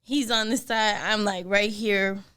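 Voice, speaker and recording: A woman's voice: mid-range voice, steady tone, a little slow, bright, forceful tone, smooth. A woman co-hosting a podcast in casual chat, rambling and laughing often. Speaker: podcast co-host.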